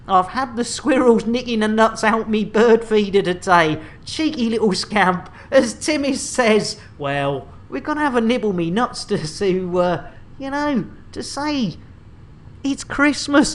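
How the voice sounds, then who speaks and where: A woman hosting a live game stream, bantering with viewers in a chatty, jokey way. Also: mid-range voice. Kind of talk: live gameplay commentary.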